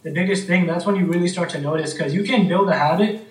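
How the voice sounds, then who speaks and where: A man in relaxed conversation, talking in a laid-back way, often calling his friend "man" and telling stories with energy. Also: high voice, fast talker, recorded from a distance. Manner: laid-back, says "man" a lot, animated storytelling. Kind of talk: casual chat. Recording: roomy, off-mic.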